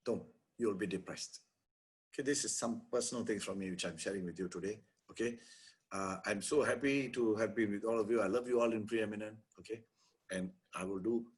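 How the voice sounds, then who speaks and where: Brief: middle-aged Singaporean male lawyer, husky voice, fired-up webinar coaching with Singlish touches. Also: on the low side. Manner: energetic, animated, peppered with Singlish particles. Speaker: lawyer giving a webinar to property agents. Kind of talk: motivational webinar talk.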